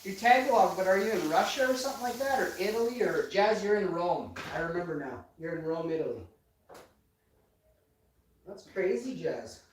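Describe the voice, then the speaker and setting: A livestream host with a high-pitched voice speaks in an animated way at normal speed, bantering and boasting to viewers in the chat. He's in an indoor room with a ring light, and the audio has roomy echo, distance from the mic, and faint noise.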